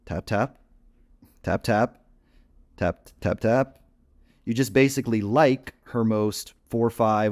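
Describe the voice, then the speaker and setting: Low-ish dude talking thru a screen share, lots of uhs and you knows, walking thru clicks. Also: male voice, a little mellow. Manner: casual, filler-heavy, talks while clicking through screens. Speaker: dating coach.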